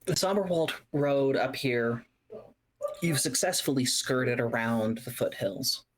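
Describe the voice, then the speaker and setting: A game master narrating a tabletop game, setting scenes with slow, descriptive phrasing and pauses. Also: mid-range voice.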